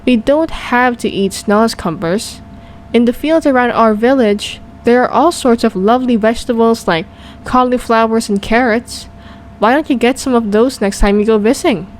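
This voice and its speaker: A woman reads as a small, sensible little girl with a polite, reassuring way of talking. Her voice lifts well above her own, bright and light, with faint noise behind it. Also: on the high side, moderate pace, voice pushed up, close to an everyday voice, low-quality recording.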